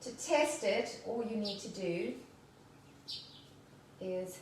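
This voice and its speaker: A woman's voice: medium pitch, lively intonation, slow, distant mic, noisy background. A woman chats through a cooking demo and wanders happily off into stories. Her voice sits some way from the mic and rings around a hard, echoey room, with faint ambience underneath. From South Africa. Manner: chatty, rambling, laughs easily. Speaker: home cook hosting a cooking video. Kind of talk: casual cooking demonstration and chat. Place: home kitchen.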